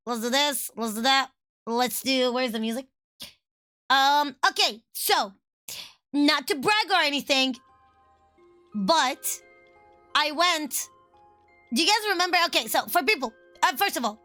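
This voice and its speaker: A woman streamer chatting casually over gameplay, excitable and profane, laughing often. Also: high voice. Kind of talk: casual gaming stream chat.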